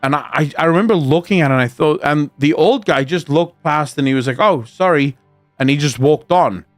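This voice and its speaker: A man's voice: on the high side, fairly quick, dry recording, faint music behind. A man from Africa, talking bluntly and rambling with frequent restarts in casual commentary. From South Africa. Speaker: streamer host.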